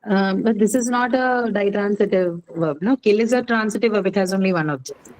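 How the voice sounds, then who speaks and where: A woman's voice: mid-range voice, brisk, darkish tone, low-quality recording. A woman teaching an English grammar class, explaining patiently and often asking "right?" to check understanding.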